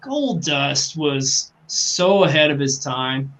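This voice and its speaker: A man's voice: a little high, sing-song, slow pace, a bit bright. A man co-hosting a podcast, chatting casually and enthusiastically, rambling with fillers and swearing now and then. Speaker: podcast co-host. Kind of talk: casual chat.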